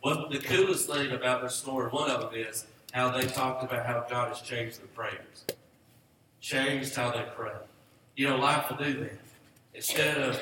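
A man's voice: medium pitch, normal speed, background noise. A man preaching as a pastor, earnest and rising to emphatic calls to the congregation. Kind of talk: sermon. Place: church sanctuary. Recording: echoey church hall, mic from a distance.

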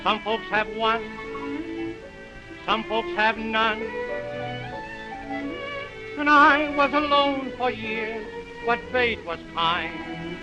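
A man's voice: very high voice, expressive, very slow, long pauses, over music, heavily acted, rough recording. A man singing as a young nightclub crooner, delivering a sentimental ballad in an early sound film song. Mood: tender. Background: orchestra with violin.

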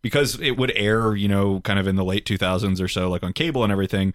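A man's voice: lowish voice, quick pace, no room sound, clean studio sound. A young man co-hosting a movie podcast, giving blunt, rambling reviews. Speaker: podcast co-host. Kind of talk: casual chat.

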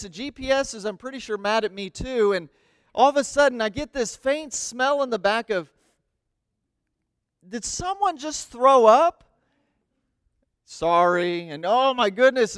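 A man in his thirties, a missionary preacher telling a lively story in a sermon and acting out the voices in it. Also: very high voice, clean tone, dry recording. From United States. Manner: animated, acts out voices in his stories.

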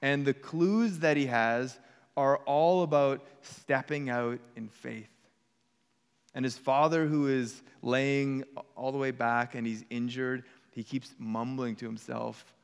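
A man's voice: medium pitch, fairly even intonation, takes it slowly, clean tone, long reverb tail. A man preaching a sermon in an earnest, conversational way, with casual asides to the congregation. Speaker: pastor.

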